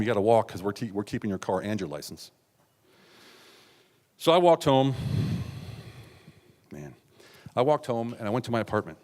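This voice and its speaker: A middle-aged man from the United States telling a raw, confessional personal story on stage, with sudden loud outbursts and hushed asides. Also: lowish voice, very animated, moderate pace, long pauses. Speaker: keynote speaker. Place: large hall on stage. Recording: stage talk with long hall reverb.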